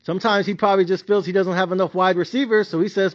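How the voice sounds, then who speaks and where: A man's voice: high-pitched, steady tone, fast, few pauses, muffled recording. A man giving a blunt, profane, slangy rant reviewing his sports bets. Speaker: sports betting commentator.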